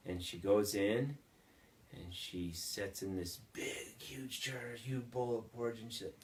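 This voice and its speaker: A father telling a playful, made-up bedtime story to his child, swinging between soft and loud. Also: on the low side, fairly even intonation, measured pace, echoey room.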